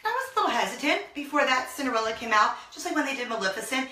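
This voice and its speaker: A woman in her thirties chats excitedly to her viewers, her bright voice swooping high and low. She is recorded from a little way off, in a small laundry room that rings with echo. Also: very fast, a little hiss or hum. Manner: gushing, excitable, bursts into song. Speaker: vlog host. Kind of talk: casual chat to viewers. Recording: echoey small room, mic at a distance.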